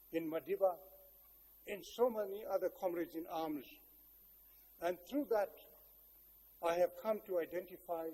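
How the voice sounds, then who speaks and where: Older South African man, high and warm. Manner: measured and reflective, with wry humor. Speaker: guest speaker. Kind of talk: public speech with personal storytelling. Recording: long hall reverb.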